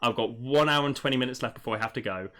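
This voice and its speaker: A man doing a casual livestream book review, rambling with many fillers and quick laughs. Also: mid-range voice, a bit bright.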